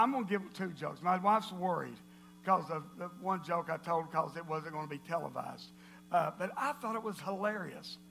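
High-voiced preacher telling jokes. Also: male voice, gravelly, slight background noise. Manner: playful, animated storytelling with laughter.

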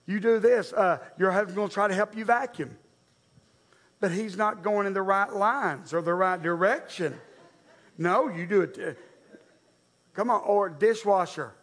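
A male pastor, delivering a sermon in a conversational, direct way. His voice sits notably high for a man. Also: measured pace, long pauses, fairly bright tone. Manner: conversational, direct, addressing the congregation.

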